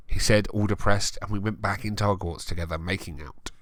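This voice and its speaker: A man's voice: low voice, fairly even intonation, fairly quick, few pauses, a bit bright, no echo. A man reading a fan story aloud for an online video, breaking off for sarcastic, swearing asides. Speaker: YouTube reader. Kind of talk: comedic dramatic reading with commentary.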